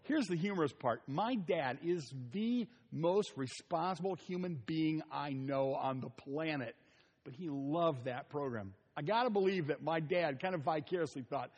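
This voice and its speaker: A middle-aged man preaching a sermon, telling stories with asides and soft chuckles. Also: a little high, expressive, normal speed, breathy edge. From Ohio. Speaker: pastor. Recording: long reverb of a large hall.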